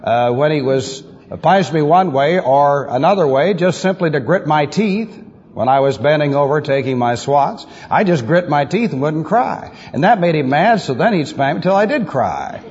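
A man's voice: on the high side, animated, normal speed, darkish tone, breathy edge. A man teaching a methodical sermon, repeating key phrases with emphasis, on an old recording. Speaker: pastor teaching doctrine. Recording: lo-fi old recording in a reverberant hall.

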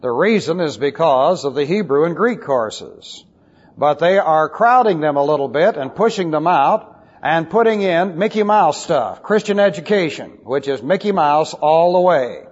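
Wry, emphatic preacher in an echoing hall. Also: male voice, on the high side, expressive, moderate pace, husky. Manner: emphatic and wry, with scornful asides. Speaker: pastor. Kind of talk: expository Bible teaching. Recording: muffled old recording in a reverberant hall.

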